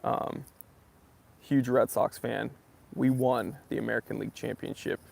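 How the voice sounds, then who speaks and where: A man's voice: medium pitch, steady tone, unhurried, vocal fry, darkish tone. A young man from New Hampshire hosting a casual live stream, chatting with viewers and greeting them by name. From southern New Hampshire.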